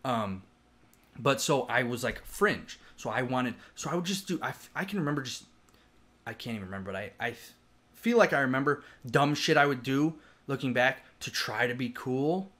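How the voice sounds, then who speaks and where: A man's voice: medium pitch, lively intonation, moderate pace, fairly bright tone. A man co-hosting a podcast, rambling in casual chat, swearing freely and laughing often. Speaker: podcast co-host.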